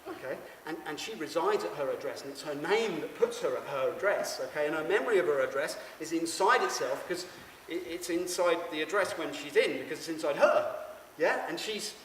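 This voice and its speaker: Male stage performer, stammering absurd monologue; higher voice, distant mic, reverberant venue. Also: animated, a little fast, hardly any pauses, fairly bright tone, a little hiss or hum. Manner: rambling, stammering, addresses the audience. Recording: echoey hall, mic far off.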